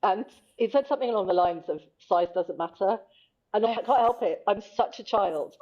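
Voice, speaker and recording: A woman's voice: mid-range voice, normal speed, a little mellow, lo-fi sound. A woman co-hosting a podcast, telling a self-mocking story in casual chat. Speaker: podcast co-host.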